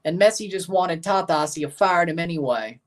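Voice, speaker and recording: A man's voice: fairly high pitch, expressive, brisk. A man hosting a live reaction stream of a match, chatting casually with his viewers. He reads their comments aloud and answers them in an easy, conversational tone.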